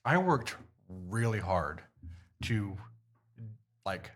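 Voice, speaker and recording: Brief: young Midwestern guy, low voice, blunt co-host, a slight stutter now and then. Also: very animated, extremely slow. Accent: Midwestern American. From Indiana. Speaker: podcast co-host. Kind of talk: casual podcast chat.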